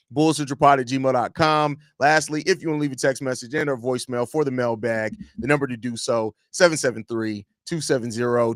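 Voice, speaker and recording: Hosting an informal sports live stream from his home desk mic, a podcast host reads chat questions aloud and repeats phrases in a loose style. His voice is mid-range and fairly bright, recorded at studio quality without echo.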